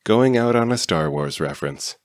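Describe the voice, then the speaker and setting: A man reading a fan-written novel aloud in steady first-person narration. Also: on the low side, moderate pace, no echo, clean studio sound. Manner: steady storytelling. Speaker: audiobook reader.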